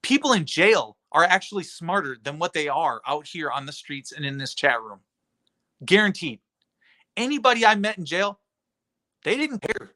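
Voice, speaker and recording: A man's voice: high-pitched, animated, moderate pace, bright, forceful tone. A man streaming on his own channel, ranting sarcastically and profanely at someone in his chat. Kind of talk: rambling rant at a chat member.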